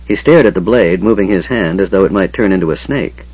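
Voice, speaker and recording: A man narrating a fantasy audiobook with a dramatic, expressive reading. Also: sits low, brisk, husky, no room sound. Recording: dull lo-fi sound.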